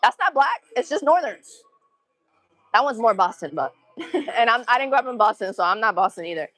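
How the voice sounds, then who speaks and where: A fitness livestreamer from Massachusetts, a young adult woman with a Massachusetts accent, counts reps and chats casually with viewers while working out indoors at the gym. Her slightly high voice is sing-song, brisk and a bit bright. There's no echo, but the audio is poor.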